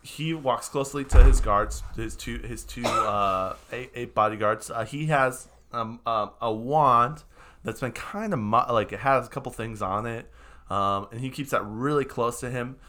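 Bright-voiced casual male game master. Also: mid-range voice, normal speed. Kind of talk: narrating a tabletop game.

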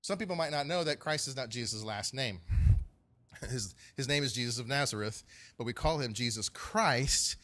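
A man's voice: medium pitch, normal speed, bright, forceful tone. Conversational male pastor preaching. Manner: conversational, repeats phrases, questions the congregation. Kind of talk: sermon. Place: church.

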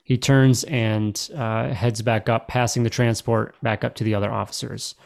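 A man's voice: mid-range voice, flat delivery, moderate pace, vocal fry. A man running a tabletop game as game master, narrating casually with many fillers.

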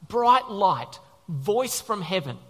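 A male preacher delivering a conversational, animated sermon, often asking the congregation questions. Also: high voice, slow pace, husky. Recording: long reverb of a large hall.

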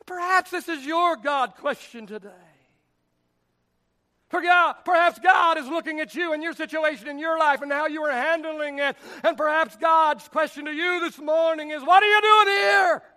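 A male pastor preaching a sermon with passion, often raising his voice to a shout. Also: extremely high pitch, steady tone, moderate pace.

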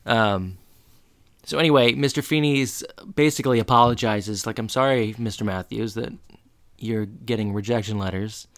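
Smooth, dry-sounding podcast co-host. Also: medium pitch, normal speed, no room sound. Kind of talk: casual rewatch chat.

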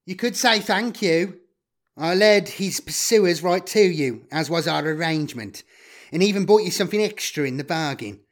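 Male reader as a sardonic, greedy trader, lively pitch. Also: normal speed, close to an everyday voice. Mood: smug. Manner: smug, sardonic.

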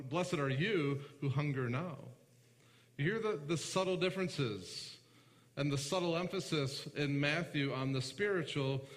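Pastor preaching in a reverberant hall. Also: male voice, fairly high pitch. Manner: conversational, asks the congregation questions; slows down to read scripture aloud. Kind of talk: sermon.

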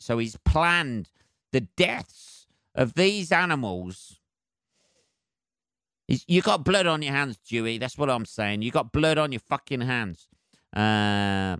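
A man's voice: mid-range voice, a bit bright, smooth, no room sound, studio quality. Sweary sarcastic man ranting solo. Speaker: podcast host. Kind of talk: solo comedic rant.

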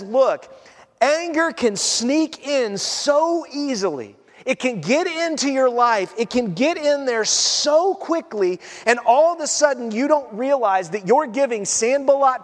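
A man preaching a sermon as pastor, animated, often acting out quotes and voices. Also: very high-pitched, in a large hall.

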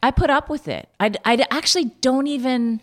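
A woman telling a personal story in a candid, halting way, with many restarts. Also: high voice.

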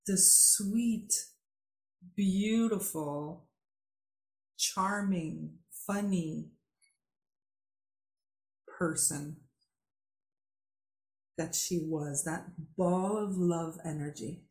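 A woman hosting a podcast, telling a story in a heartfelt, drawn-out way. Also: on the low side, darkish tone. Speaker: podcast host. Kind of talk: conversational interview. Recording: echoey room.

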